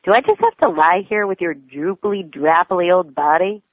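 A woman voicing a young boy who speaks gravely with a quiet teasing edge. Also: on the low side, expressive, normal speed, dry recording. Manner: dry, quietly joking. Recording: tinny phone-like line, dry.

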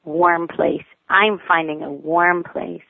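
A woman's voice: on the low side, fairly even intonation, slow, vocal fry, no room sound, heavily acted. A woman voicing a cranky, clingy four-year-old girl who whines, screeches and lisps in baby talk. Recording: tinny phone-like line, dry.

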